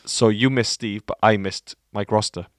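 A man's voice: lowish voice, fairly even intonation, normal speed, dry recording, studio quality. A man co-hosting a shop podcast, enthusiastic and jokey. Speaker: podcast co-host. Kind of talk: casual chat.

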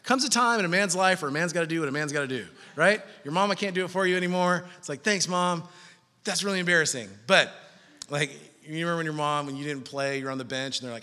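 A man's voice: a little high, fast talker. A middle-aged man preaching a sermon as a pastor, joking and telling stories and acting out the voices of the people he quotes. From California. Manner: animated, joking storyteller, acts out quoted voices. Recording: long hall reverb.

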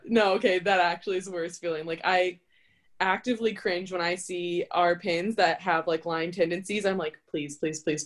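Emphatic woman in casual chat. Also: on the low side. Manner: emphatic, laughs often, acts out her own thoughts. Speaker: volleyball player, podcast guest.

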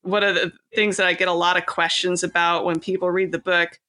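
Chatty woman from california, bright voice, lots of ums and laughs, guest on a podcast. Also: on the low side, little pitch movement, fairly quick. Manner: chatty, laughing, many fillers and restarts. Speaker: author guest. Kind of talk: casual interview chat.

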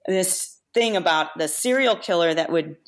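A woman with a fairly low voice tells stories in a relaxed, conversational way. She keeps the telling lively and often breaks into laughter, as a makeup artist guest would when looking back on her work. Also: normal speed. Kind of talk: casual storytelling.

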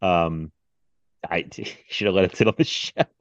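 Low-voiced chatty male podcast host. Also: measured pace, no room sound, dull audio. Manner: chatty, laughs often, lots of fillers. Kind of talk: casual movie chat.

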